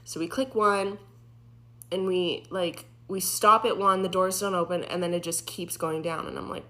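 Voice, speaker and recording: A woman's voice: mid-range voice, measured pace. A young woman, a former EMT, casually retelling a frightening experience with lots of fillers. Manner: animated, filler-heavy retelling. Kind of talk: casual storytelling.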